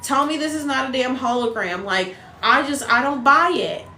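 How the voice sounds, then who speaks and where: Animated, profane woman ranting on a livestream. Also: high-pitched, normal speed, echoey room, a little hiss or hum. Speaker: TikTok live host. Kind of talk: casual livestream chat. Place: apartment in a city.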